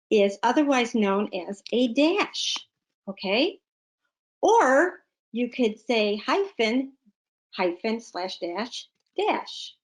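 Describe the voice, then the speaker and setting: A woman teaching a punctuation lesson, explaining patiently with playful emphasis. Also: on the high side. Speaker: literacy teacher. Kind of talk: classroom lesson.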